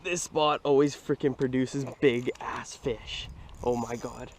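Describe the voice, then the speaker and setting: A young man in an outdoor fishing vlog, exclaiming as he talks from a kayak on open water, swinging between hushed murmurs and loud outbursts. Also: mid-range voice, steady tone, a little slow, slight background noise. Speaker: fishing vlogger. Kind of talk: excited outdoor vlog commentary.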